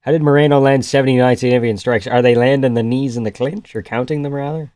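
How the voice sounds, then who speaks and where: A man hosting a live stream, giving casual reaction commentary on the fights and chatting with his viewers, shifting from loud excited outbursts to laid-back banter. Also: medium pitch, fast talker, clean tone, dry recording.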